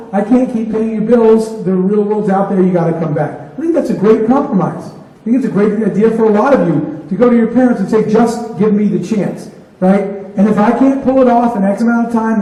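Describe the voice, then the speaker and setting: A man with a high, mellow voice tells a motivational story to an audience, acting out both sides of a conversation. He sounds far from the mic, in a big echoing hall with a long reverb. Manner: retells conversations in dialogue. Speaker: keynote speaker.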